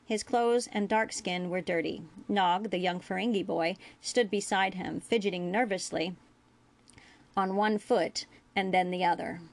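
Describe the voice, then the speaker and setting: A woman reading fan fiction aloud as a storyteller, with a steady pace and small slips. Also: mid-range voice, measured pace, creaky. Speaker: audiobook reader.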